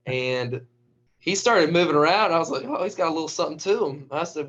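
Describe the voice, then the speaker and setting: Male wrestling coach, casual storyteller, fairly high voice, muffled lo-fi sound. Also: a little fast. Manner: animated storyteller who acts out quotes. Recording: dull lo-fi recording.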